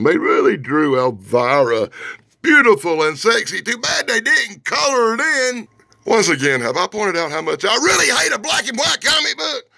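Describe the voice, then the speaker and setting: A man giving a casual, sarcastic comic book review, dropping from loud outbursts to low mutters. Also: creaky, dry recording, studio quality. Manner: animated, sarcastic, swings from loud to mumbling.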